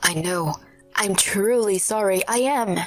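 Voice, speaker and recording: A woman's voice: medium pitch, measured pace, faint music behind, natural voice. A woman voicing a cornered husband who begs his wife not to leave. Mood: pleading. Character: cheating husband, desperate and pleading.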